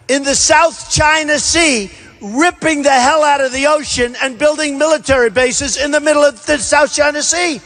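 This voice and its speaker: A man's voice: very high voice, a bit bright. A man giving a campaign rally speech, boastful and repetitive, hammering his points with punchy emphasis. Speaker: political candidate at a rally. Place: large indoor rally venue. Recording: long hall reverb at a rally.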